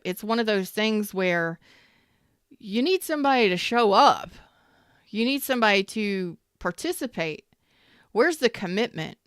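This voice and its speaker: A woman's voice: mid-range voice, a bit bright, smooth, dry recording, clean studio sound. A woman giving a casual tarot reading, repeating herself emphatically and sometimes swearing. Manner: repetitive and emphatic, swears when worked up. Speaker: tarot reader.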